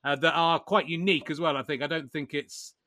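A man hosting a podcast interview, chatty and eager, quickly agreeing with his guest. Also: a little high, steady tone, bright, forceful tone, dry recording, studio quality. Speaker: podcast host. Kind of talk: casual chat.

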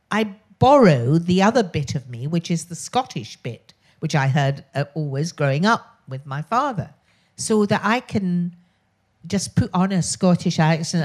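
Posh-voiced older Englishwoman, blunt and candid. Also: mid-range voice. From England. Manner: frank, blunt, swears freely, laughs between phrases. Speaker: guest. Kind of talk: candid talk show chat.

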